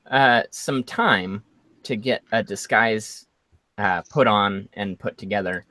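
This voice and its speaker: A man running a tabletop game as game master, narrating with a hesitant manner and many pauses. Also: lowish voice, bright, forceful tone, no room sound.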